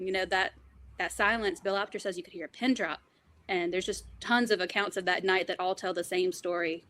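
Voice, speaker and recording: A woman speaking briskly as a podcast guest. She tells stories with energy and slips into other people's voices. Her pitch sits in the middle range. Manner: fast, animated storytelling, quotes others' voices. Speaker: guest, wrestler's granddaughter. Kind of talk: podcast interview, personal stories.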